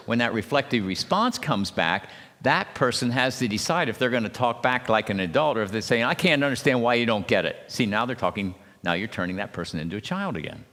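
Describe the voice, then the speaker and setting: Folksy low-voiced minister in a hall. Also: male voice, a bit bright. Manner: folksy, anecdotal, teasing the audience. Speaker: ordained minister leading a marriage seminar. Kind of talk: conversational church seminar talk. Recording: reverberant hall sound.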